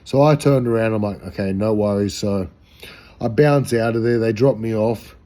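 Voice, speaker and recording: A man's voice: fairly low pitch, moderate pace, dark tone. An Australian man telling a rambling, slangy, profane anecdote in a casual way. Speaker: storyteller.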